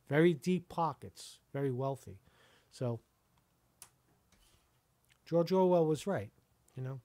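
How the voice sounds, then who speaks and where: A man's voice: mid-range voice, darkish tone, no echo. A middle-aged American man, a YouTube reporter, ranting angrily to the camera and tagging his points with "right?". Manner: angry, rhetorical, repeats "right?".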